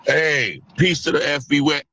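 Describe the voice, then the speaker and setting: A man's voice: fairly high pitch, normal speed, sharp tone. A man calling in to a talk show, speaking fervently and repeating his rallying phrases. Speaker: caller. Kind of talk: casual call-in chat.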